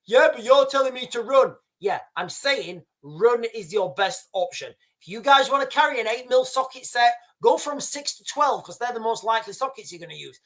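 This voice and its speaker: This livestream host is a man with an extremely high-pitched, slightly bright voice and lively intonation, talking at normal speed with hardly any pauses. His advice to viewers is blunt and emphatic, full of repeated points, restarts, and fillers.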